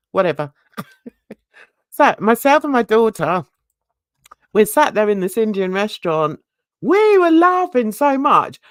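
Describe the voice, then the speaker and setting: A woman's voice: medium pitch, no room sound, studio quality. Chatty woman livestreaming. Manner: chatty rambling storyteller, laughs often. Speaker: YouTube channel host. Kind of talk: casual livestream chat.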